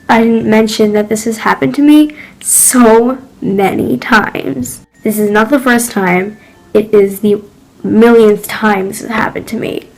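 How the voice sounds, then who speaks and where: A woman's voice: fairly high pitch, poor audio. Choked-up teenage girl venting. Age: teens. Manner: halting, self-correcting, apologetic. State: choked up after crying. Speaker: vlogger. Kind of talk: confessional vlog talk.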